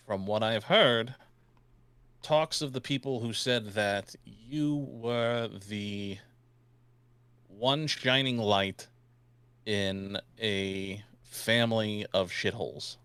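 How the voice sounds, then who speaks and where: A man's voice: on the low side, fairly bright tone, clean tone, no echo. A man role-playing his character in a tabletop game, joking and crude, talking with a put-on New York accent. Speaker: player.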